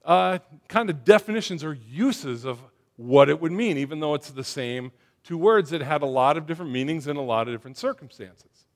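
A man giving a casual sermon to his congregation, talking conversationally with lots of fillers and getting them to shout back. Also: on the high side, lively intonation, fairly quick. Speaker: church speaker.

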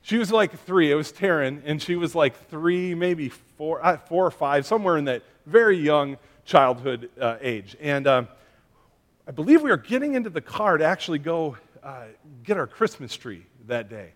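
A male pastor giving a sermon in a relaxed, chatty way, with fillers and light humor from family stories. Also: on the high side, normal speed. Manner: conversational, chatty with fillers and asides.

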